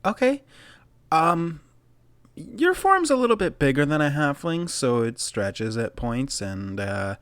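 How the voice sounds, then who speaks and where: A man's voice: fairly high pitch, slow pace, clean tone, no room sound, clean studio sound. Laid-back man running a tabletop game. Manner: relaxed, filler-heavy narration. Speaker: game master.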